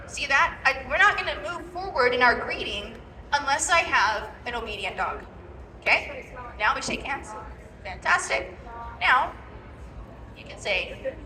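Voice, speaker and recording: A woman dog trainer giving a live demonstration, coaching handlers step by step and checking in with a repeated "okay?". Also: high-pitched. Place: large indoor expo hall. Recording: echoey hall from far off.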